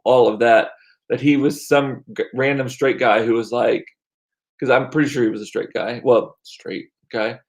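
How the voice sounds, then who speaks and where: Chatty rambling man in his forties. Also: medium pitch. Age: 40s. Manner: rambling, chatty storytelling with frequent restarts and asides. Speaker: livestream host reading chat. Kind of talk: casual chat with viewers.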